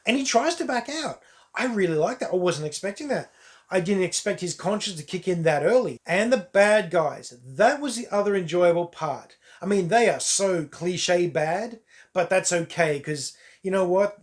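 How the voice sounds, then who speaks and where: A man's voice: sits high, lively intonation, normal speed. A man giving a casual, wry and candid spoken review of a movie on camera. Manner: wry, candid, offhand asides. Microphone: camera mic.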